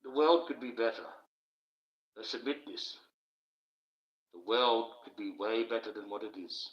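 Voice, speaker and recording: A man's voice: fairly low pitch, measured pace. A man hosting a live stream from home at night, giving a rambling, emphatic monologue and thanking viewers in his chat. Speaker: livestream host. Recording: roomy, dull lo-fi stream audio.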